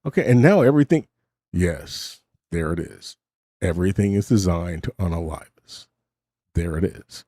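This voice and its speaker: A man's voice: deep voice, animated, moderate pace, mellow, husky, dry recording, clean studio sound. A middle-aged man hosting a casual late-night monologue at his desk, rambling and self-mocking. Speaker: host. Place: home desk.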